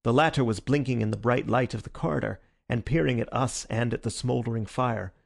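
A man reads a detective story in a measured, even manner. His mid-pitched voice carries a gravelly texture throughout. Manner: measured, even reading with calm character dialogue. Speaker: narrator. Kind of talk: audiobook reading of a detective story.

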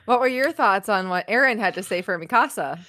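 A woman on a casual podcast panel, expressive and earnestly protesting. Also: mid-range voice, fairly quick. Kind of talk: casual group chat.

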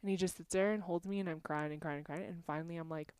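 A woman's voice: fairly low pitch, fairly even intonation, fast talker, darkish tone, clear, resonant tone, no echo, clean studio sound. A woman telling personal stories in a candid, emotional conversation among friends, speaking frankly and sometimes swearing. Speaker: podcast guest.

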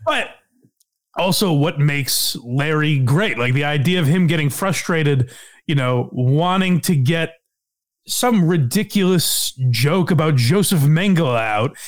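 A man's voice: on the high side, animated, unhurried. A man hosting a podcast, chatting casually, laughing and using lots of fillers. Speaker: podcast host. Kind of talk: casual chat.

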